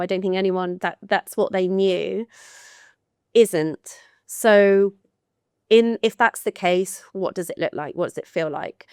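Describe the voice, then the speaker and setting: Smooth-voiced woman, earnest podcast guest. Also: medium pitch, no room sound, clean studio sound. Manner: earnest, reflective explaining. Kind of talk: conversational interview.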